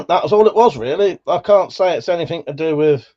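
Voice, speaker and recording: A man's voice: fairly high pitch, fairly quick, dull audio. Sweary Buckinghamshire man chatting on stream. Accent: Buckinghamshire English. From England. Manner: relaxed, sweary, laughs often. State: slightly worn voice. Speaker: livestream host reading chat. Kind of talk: casual chat.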